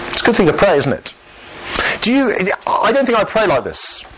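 A man preaches a sermon, and his pitch rises and falls a great deal as he talks. He sounds conversational, drops in light humour and keeps putting questions to his congregation. Faint background noise sits under his voice. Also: wildly swooping pitch, moderate pace, fairly bright tone, low-quality recording. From Lancashire, England.

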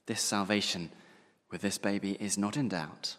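Emphatic preacher in a reverberant hall. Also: male voice, fairly low pitch, fairly even intonation, a bit bright. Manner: emphatic, slowing down to stress key words. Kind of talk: sermon.

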